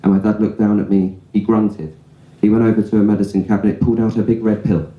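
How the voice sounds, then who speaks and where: A man's voice: on the low side, little pitch movement, fast, narrow, tinny audio. A young man performing a stand-up comedy set in a club, telling stories in a chatty way and tossing in "right?" asides. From England. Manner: conversational storytelling with frequent "right?" asides. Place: comedy club stage before a laughing audience. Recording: roomy club echo.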